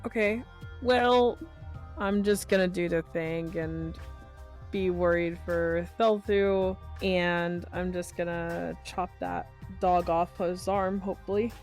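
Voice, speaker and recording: Slow-talking tired woman at a game table. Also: fairly low pitch, steady tone, faint music behind. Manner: unhurried, tallies dice out loud. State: tired, yawning. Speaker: player. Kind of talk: tabletop game play, casual chat.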